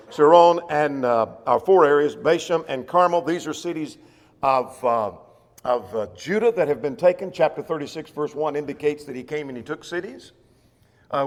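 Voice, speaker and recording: A man's voice: a little high, in a large hall. A man teaching a church Bible class, explaining scripture in plain words with frequent fillers and restarts.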